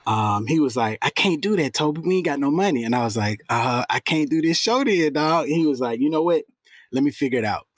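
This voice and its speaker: A man, an actor guest, telling stories in a casual interview in a slangy, animated way and acting out the people he quotes. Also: a little high, brisk, no echo.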